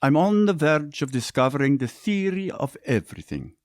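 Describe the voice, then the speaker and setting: A man's voice: on the high side, moderate pace, no room sound, studio quality, voice pushed up. A man voicing an eager, slightly defensive young inventor in a story reading. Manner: excited, a bit defensive. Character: bookish young inventor, eager and mildly testy.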